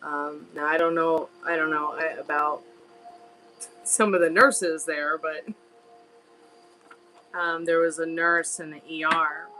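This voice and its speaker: A woman's voice: sits low, flat delivery, slow pace, pauses often, pushed and bright, slight background noise, rough recording. A woman hosting a live tarot stream, telling a rambling story in a chatty, casual way. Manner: chatty, rambling, with filler words. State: on a crutch.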